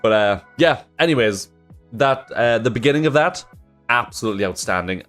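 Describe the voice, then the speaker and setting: A man's voice: medium pitch, expressive, normal speed, a bit bright, soft background music. A man hosting a reaction video, chatting casually to camera in a rambling, apologetic way.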